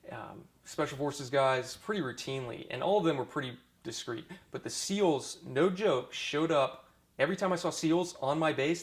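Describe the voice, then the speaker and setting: A man with a gravelly, creaky edge to his voice, of middle pitch for a man, recounts his deployment in a loose, conversational way. He restarts sentences often and leans on fillers as he tells the story. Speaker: former army dentist. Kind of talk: oral history interview.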